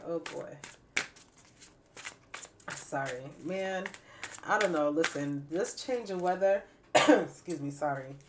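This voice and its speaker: A woman giving a spiritual tarot reading to camera with a stuffy nose and raspy throat, repeating phrases emphatically like preaching. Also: low voice, slow pace, long pauses, noisy background. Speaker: tarot reader.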